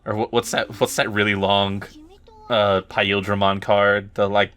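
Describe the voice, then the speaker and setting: A man's voice: on the low side, level tone, a little slow, bright, forceful tone, smooth. A man co-hosting a Let's Play, joking and sharing fan trivia in casual chat.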